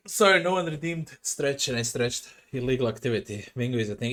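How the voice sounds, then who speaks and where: A man's voice: mid-range voice, expressive, a little fast, fairly bright tone. A young man streaming from home into a desk mic, chatting casually with his viewers, swearing and sounding self-conscious. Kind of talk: casual livestream chat. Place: home room. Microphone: desk microphone.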